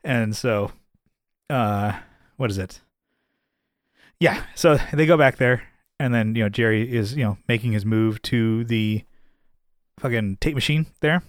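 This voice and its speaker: A man's voice: measured pace, no echo, clean studio sound. Laid-back man chatting about a sitcom. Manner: swears and laughs often, jumps into high-pitched voices when quoting. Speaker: podcast co-host. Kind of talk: casual chat recapping a TV episode.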